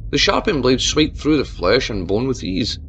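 A man narrating a story in a measured, expressive reading style. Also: medium pitch, vocal fry, a little hiss or hum. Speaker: audiobook narrator. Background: faint guitar music.

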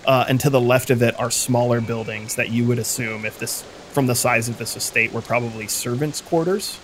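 Halting man narrating as game master. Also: medium pitch, fairly even intonation, a little hiss or hum. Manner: halting, many fillers and restarts.

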